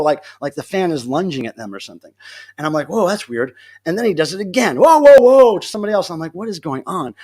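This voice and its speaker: A man hosting a livestream from home, telling a story in a casual, animated way, laughing often and acting out what people said. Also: on the high side. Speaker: livestream host. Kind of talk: casual storytelling to a live chat.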